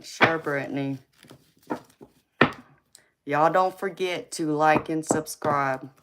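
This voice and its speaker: A woman's voice: deep voice, slow, very noisy. A woman with a heavy Southern American accent hosting a casual tarot livestream, sassy and teasing, laughing often and calling viewers honey and baby. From Southern United States. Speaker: tarot reader and livestream host.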